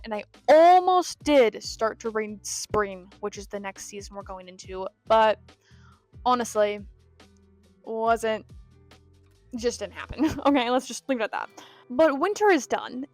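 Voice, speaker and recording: A young woman chatting casually in a reading vlog, rambling and self-deprecating, with quiet asides now and then. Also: on the high side. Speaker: book vlogger.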